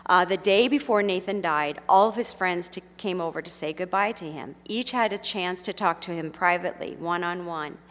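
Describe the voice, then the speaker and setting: Middle-aged woman, earnest storyteller, gentle delivery, big reverberant hall. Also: on the low side, moderate pace, few pauses. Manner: gentle, earnest, with frequent fillers. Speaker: speaker sharing a personal story. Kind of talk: heartfelt storytelling talk.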